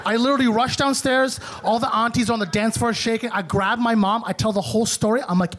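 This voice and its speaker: A young man from Eritrea, doing animated, punchy stand-up comedy. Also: very high-pitched, fairly quick, hardly any pauses, slight background noise.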